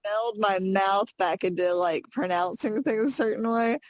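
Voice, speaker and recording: A woman's voice: medium pitch, moderate pace, no room sound. A woman with a Southern American accent trades easygoing, laughing banter on her podcast. She is recorded close and dry, with no room sound around her. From Southern United States. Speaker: podcast co-host. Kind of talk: casual chat.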